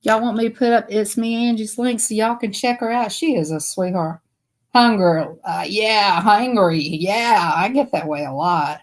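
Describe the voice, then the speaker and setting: A woman's voice: medium pitch, moderate pace. A woman with a Southern US accent chatting casually on a live stream, telling stories to her viewers and laughing often.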